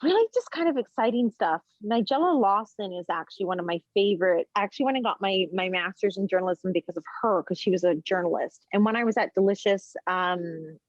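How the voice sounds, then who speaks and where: Woman podcast guest, chatty, rambling storyteller, laughs often, mid-pitched voice, dry and dull recording. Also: brisk, few pauses, no echo. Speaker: podcast guest, chef and food journalist. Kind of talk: casual podcast chat.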